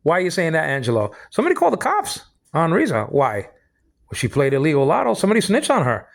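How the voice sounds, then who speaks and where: A man's voice: on the high side, huge pitch swings, fast, creaky. A man ranting in a rambling personal monologue, stumbling over repeated words and complaining indignantly. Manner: rambling, repetitive, stammering restarts. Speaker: vlogger.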